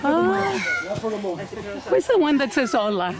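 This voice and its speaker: A woman visiting a wildlife sanctuary on a tour, talking in an excited, exclaiming way. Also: high-pitched, slow pace. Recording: crowd chatter and animals behind.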